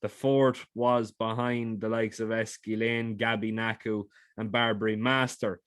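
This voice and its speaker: A man's voice: fairly low pitch, little pitch movement, measured pace, clean tone, no echo, clean studio sound. A man giving horse racing tips in a casual, chatty way, often repeating words for emphasis and restarting phrases.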